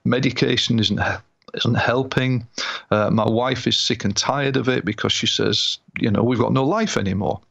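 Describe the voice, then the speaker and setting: A man's voice: medium pitch, fairly even intonation, moderate pace, creaky, a bit bright. A man voicing an anxious young man in his twenties who stammers and breaks off his phrases. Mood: anxious, pleading. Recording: slightly dull lo-fi sound.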